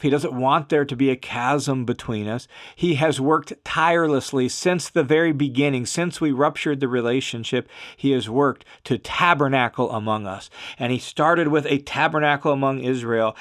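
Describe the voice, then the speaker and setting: A man's voice: medium pitch, a bit bright. A man hosting a devotional podcast, giving an earnest, emphatic reflection and reading scripture aloud. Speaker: podcast host and Bible teacher.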